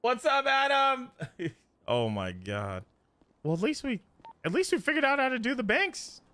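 A man streaming a game role-play, talking casually, excitable, swearing and laughing a lot. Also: very high voice, measured pace, slight background noise.

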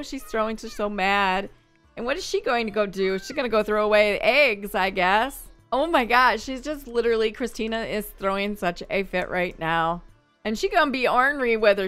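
A woman's voice: on the high side, sharp tone, clean tone. A woman hosting a gaming video, chatting casually through her gameplay and exclaiming at what happens on screen.

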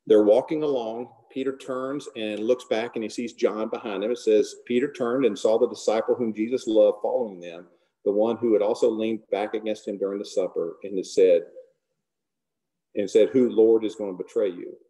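A man's voice: on the low side, fairly even intonation, moderate pace, warm tone. A man leading an informal Bible fellowship, retelling scripture conversationally and acting out the dialogue. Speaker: Bible study teacher.

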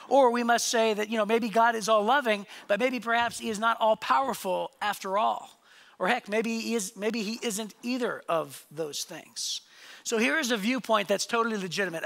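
A man's voice: high voice, vocal fry, pushed and bright. A male pastor preaching a conversational sermon in a church, joking and asking the congregation questions. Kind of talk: sermon with storytelling. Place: church sanctuary.

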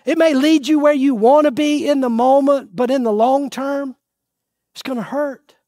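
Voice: high-pitched, steady tone, normal speed, warm tone. A pastor in mid-sermon talks in a dry, close sound with no room echo. The delivery is earnest and conversational, with questions thrown to the congregation and then answered. Key points are pressed home with repeated pleading. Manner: asks the audience questions and answers them.

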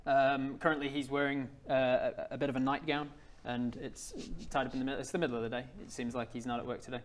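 A man narrating a tabletop game as game master, describing scenes with many pauses. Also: medium pitch, little pitch movement.

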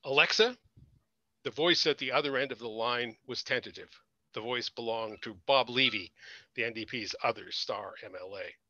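A man, an author, reading aloud from his book at an online launch in a measured, expressive way. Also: medium pitch, no echo, dull audio.

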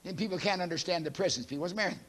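Preaching in a high voice, a man alternates booming proclamations with quiet asides. His sermon is emphatic and preachy, and he rattles through scripture readings at speed.

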